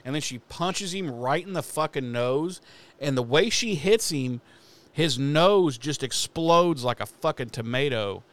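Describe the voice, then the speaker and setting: Speaking a little slowly in a fairly high-pitched voice, a man recaps a TV episode as a podcast co-host. He's animated and swears a lot, acting out lines from the characters in this casual, profane chat.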